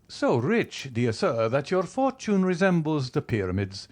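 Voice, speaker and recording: A man plays a rich, coolly ironic nobleman in a storybook reading, his voice lifted noticeably higher than plain narration. The tone is smooth and mockingly polite, rising and falling in a lively way. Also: a little slow. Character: wealthy, suave, coolly ironic male nobleman. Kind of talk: audiobook character reading.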